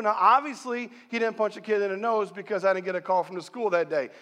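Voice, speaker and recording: Middle-aged male pastor, high voice, lively storyteller, preaching in a big echoing church hall. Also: fast talker, hardly any pauses. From central New York, USA. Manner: animated storytelling, rallying the congregation. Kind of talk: sermon. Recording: long hall reverb.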